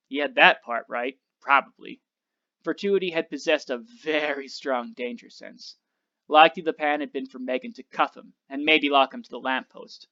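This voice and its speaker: A male teacher reads a novel aloud to his class in a steady, expressive way, on a slightly dull recording. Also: mid-range voice, normal speed.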